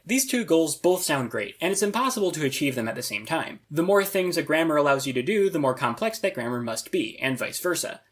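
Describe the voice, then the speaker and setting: Quick, lively young man explaining. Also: on the high side, breathy edge. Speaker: video essay narrator. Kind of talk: scripted explanatory narration.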